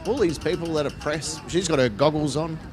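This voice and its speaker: A man's voice: fairly high pitch, brisk, over music. An Australian man hosting a live show, giving crude, sarcastic commentary on protest footage and swearing freely. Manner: crude, mocking, swears freely, laughs at own jokes.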